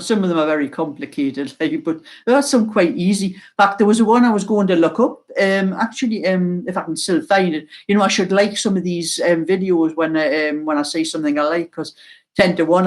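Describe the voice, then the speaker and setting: An older woman with a mild Geordie accent, chatting slowly and casually to her viewers as host of a knitting channel, laughing often. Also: lowish voice, darkish tone. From North East England.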